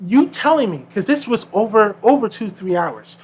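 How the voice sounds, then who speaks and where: A man's voice: high-pitched, normal speed, a little hiss or hum. A man co-hosting a podcast, telling stories in casual chat and acting out the people in them. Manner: animated storyteller acting out quoted people. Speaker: podcast co-host.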